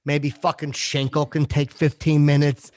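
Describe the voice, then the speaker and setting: A man's voice: a little high, little pitch movement, normal speed, a little mellow, dry recording, clean studio sound, close to an everyday voice. An actor playing a crude, boastful male comedian who hosts a podcast, talking with swagger and heavy swearing. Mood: smug. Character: crude boastful middle-aged male comedian, vain and petty. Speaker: podcast host. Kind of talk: improvised character comedy.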